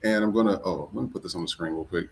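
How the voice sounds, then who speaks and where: Laid-back man hosting a live stream, low-ish voice, a faint hiss behind. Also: rapid-fire. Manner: relaxed, fumbling with tech, shouting out viewers. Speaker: podcast host. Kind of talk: casual live-stream chat.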